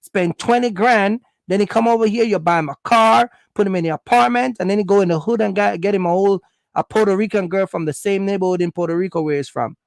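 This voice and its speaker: Casting: blunt vlogger, high gravelly voice, mocking and scolding. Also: male voice, fast, no room sound. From Jamaica. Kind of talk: opinionated monologue.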